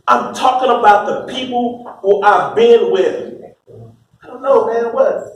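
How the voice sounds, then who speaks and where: A high-voiced American man preaches with fervor, his words pushing up into shouts as he addresses a packed room. The sound is heavily echoey, as if caught in a big hall from well away from the mic. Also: slow pace, long pauses, distant mic. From United States. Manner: fervent preaching, rising to shouts. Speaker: speaker at a religious gathering. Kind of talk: impassioned religious address. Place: large room full of people.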